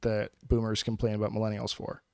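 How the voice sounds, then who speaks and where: A man's voice: on the low side, monotone, gravelly, mellow, smooth, no echo. Brief: male podcast co-host, inquisitive, reactive, dry close sound. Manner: curious, quick to react. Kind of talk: casual chat.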